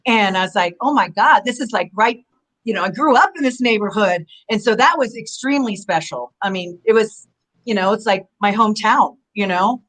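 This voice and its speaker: A middle-aged woman in a casual video-call interview, rambling from one story to the next with plenty of energy. Her voice sits at an ordinary pitch for a woman. She talks loosely, with lots of fillers and quick asides. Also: fairly bright tone, low-quality recording. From Southern California. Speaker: interview guest, former wrestler.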